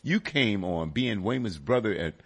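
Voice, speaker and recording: A man's voice: fairly low pitch, animated, moderate pace, breathy edge. A man hosting a casual chat, prompting his guest to tell the story. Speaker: talk show host.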